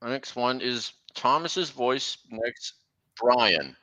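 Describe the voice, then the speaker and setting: A young man hosting a casual livestream, talking in a halting way with many restarts. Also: medium pitch, lively intonation, sharp tone, rough recording. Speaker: livestream host. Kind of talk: casual stream chat.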